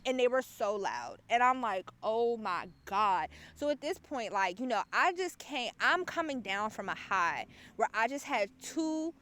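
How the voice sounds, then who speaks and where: A woman hosts her podcast alone, telling a long story in a loose, chatty way. Her voice is bright and a little sharp, and she swears freely. She gets animated and laughs a lot along the way. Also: on the high side, moderate pace, few pauses. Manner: animated, profane, laughs often. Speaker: podcast host. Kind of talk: casual storytelling monologue.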